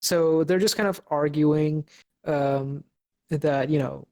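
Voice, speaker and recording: Young man, podcast co-host, casual recap, halting with fillers, flat delivery. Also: on the high side. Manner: hesitant, many fillers and restarts.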